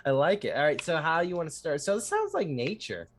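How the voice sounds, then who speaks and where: A game master narrating a tabletop role-playing game with animated storytelling and frequent laughs. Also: medium pitch, a little fast, slight background noise.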